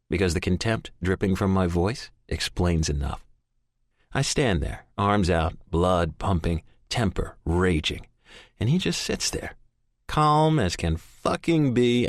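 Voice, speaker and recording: Male audiobook narrator, deep and dry, brooding first-person read with raw intensity. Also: very animated, a little slow, no echo. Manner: intense, brooding, profane inner monologue.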